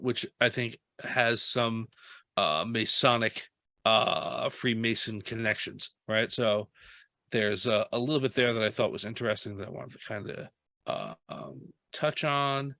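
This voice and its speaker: A man's voice: on the low side, steady tone, a little slow, gravelly, sharp tone, no echo. A man co-hosting a podcast, rambling a bit and hesitant. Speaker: podcast co-host. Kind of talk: casual podcast chat.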